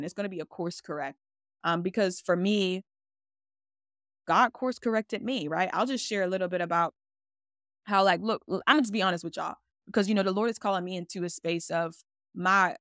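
A woman's voice: lowish voice, vocal fry, a bit bright, dry recording, studio quality. A woman hosting a faith podcast, speaking casually and expressively and acting out her own quoted words. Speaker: podcast host.

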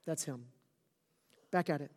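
A pastor preaching at a church service in a casual, slangy way, moving between hushed, near-whispered lines and loud, fervent emphasis, and audibly emotional. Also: mid-range voice, a little slow. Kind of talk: sermon. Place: church service before a live congregation.

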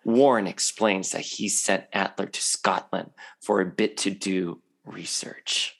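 A man talking as a guest on a podcast in a chatty, animated way, laughing often. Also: sits low, unhurried, creaky. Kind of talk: casual podcast chat.

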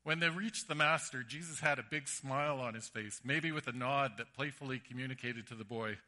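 A man's voice: medium pitch, fairly quick, few pauses. A man preaching a sermon, telling stories animatedly and acting out the voices. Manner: animated storytelling with acted-out voices.

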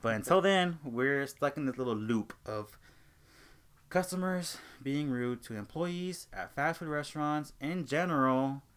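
A young man hosting a casual talk show, telling an animated story about a rude customer and acting out both sides of the argument. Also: fairly high pitch, a little slow, smooth. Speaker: host.

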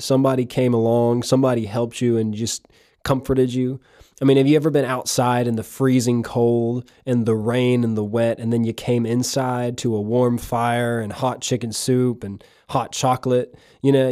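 A man delivering a relaxed, conversational podcast sermon in a mellow, warm voice at an ordinary pitch. He leans on rhetorical questions and slips in chuckling asides. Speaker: podcast preacher.

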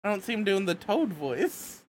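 A woman co-hosting a casual podcast chat, animated and quick to laugh, with lots of filler words. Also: mid-range voice, a little hiss or hum. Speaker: podcast co-host.

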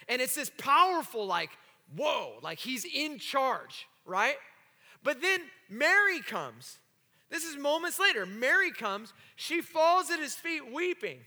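A pastor preaching a sermon to his congregation, animated and joking with the room. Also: very high-pitched, slow pace. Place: church sanctuary. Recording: long hall reverb.

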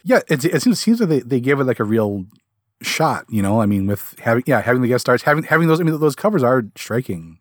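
A man's voice: medium pitch, sing-song, fairly quick, dry recording, clean studio sound. A man co-hosting a comic book podcast, chatting casually and rambling with many fillers and restarts. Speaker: podcast co-host. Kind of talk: casual chat.

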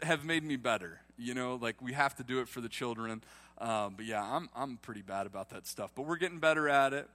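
A man's voice: mid-range voice, lively intonation, normal speed, pushed and bright. A man, preaching a sermon in a livestreamed church and joking with the congregation. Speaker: pastor.

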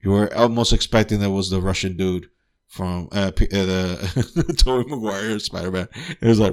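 A man's voice: low-pitched, moderate pace. A man hosting a podcast, giving a casual, profane spoiler-filled movie review and repeatedly asking "guess what?". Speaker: podcast host.

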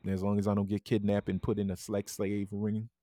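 A man's voice: fairly low pitch, completely flat delivery, brisk, dark tone, no room sound. Brief: male podcast co-host, loose, profane banter, dead-dry close mic. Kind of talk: casual chat.

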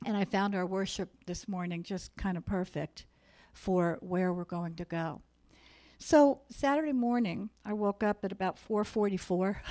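A woman's voice: mid-range voice, darkish tone. A woman preaching a sermon in a church meeting room, earnest and exhorting as she speaks to the room.

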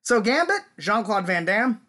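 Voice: medium pitch, very animated, unhurried, bright, forceful tone. A podcast co-host in their forties, chatting casually and laughing often. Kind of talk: casual chat.

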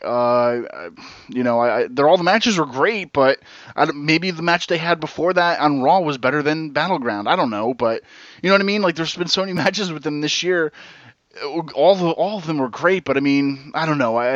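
A man's voice: on the high side, fairly bright tone, no echo. A man co-hosting a casual podcast, rambling and losing his thread with lots of restarts. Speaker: podcast co-host. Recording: dull, dry lo-fi recording.

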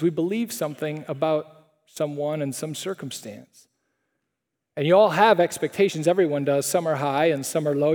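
Conversational preacher in an echoing hall. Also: male voice, high voice, a little mellow. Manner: conversational, with rhetorical questions. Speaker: pastor preaching at a chapel. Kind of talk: sermon. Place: chapel hall. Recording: reverberant chapel hall.

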